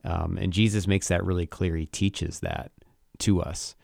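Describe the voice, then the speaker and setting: Low gravelly man, thoughtful podcast talk. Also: steady tone, a little mellow, no room sound, studio quality. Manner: thoughtful, halting, with restarts. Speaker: podcast co-host. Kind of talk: casual Bible discussion.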